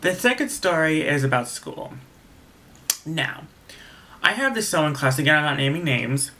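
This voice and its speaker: A young man with a bright, forward voice rambles through a casual storytime, doubling back on himself as he goes. He sounds exasperated, venting more than narrating. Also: on the high side, expressive, normal speed. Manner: rambling, with frequent restarts and asides. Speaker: vlogger.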